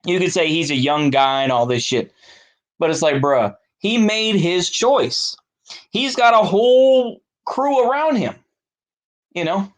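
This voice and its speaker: A political commentator from Texas rants solo to camera in a Texan accent, his voice sitting high and a bit bright. He sounds profane and exasperated, tossing in sarcastic asides.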